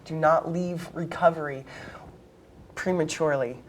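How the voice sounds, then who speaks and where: Low-voiced woman guest, blunt and emphatic, telling her story in an interview. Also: fairly even intonation, unhurried, a little hiss or hum.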